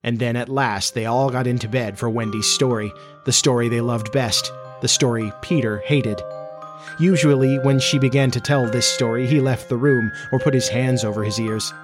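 A man hosting a podcast, reading a children's story aloud in a measured, gentle way. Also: medium pitch, steady tone, over music. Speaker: podcast host and narrator.

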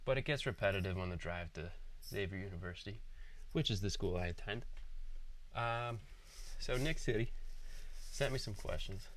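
Bright, joking young man from Philadelphia. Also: fairly low pitch, moderate pace, a little hiss or hum. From Philadelphia, Pennsylvania. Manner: jokey, rambling, mock-indignant about food. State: a bit out of breath. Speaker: podcast guest. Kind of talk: casual monologue answering questions.

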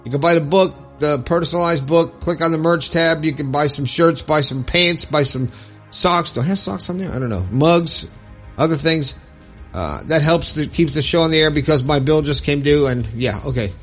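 Husky-voiced man hosting a podcast. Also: fairly high pitch, moderate pace, fairly bright tone, soft background music. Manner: earnest, upbeat, rambling motivational talk with swearing. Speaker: podcast host. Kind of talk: casual solo podcast monologue.

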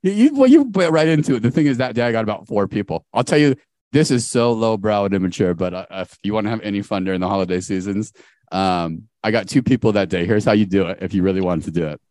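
A man's voice: lowish voice, animated, fast talker, darkish tone, no echo, studio quality. A man in his forties hosting a podcast, laid-back and jokey with lots of slang. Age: 40s. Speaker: podcast host. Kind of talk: casual chat.

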